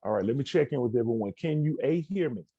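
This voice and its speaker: Male keynote speaker, storyteller on a video call, warm and slightly husky. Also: mid-range voice, lively intonation, fast, dry recording, lo-fi sound. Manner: storytelling, acts out quoted dialogue. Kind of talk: motivational talk to students over video call. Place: indoors at an outdoor education center.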